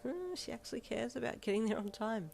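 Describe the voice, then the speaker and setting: A woman voicing a sassy young female best friend who teases in a snarky, deadpan way. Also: a little high, brisk, vocal fry, soft background music, voice pushed up. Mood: teasing.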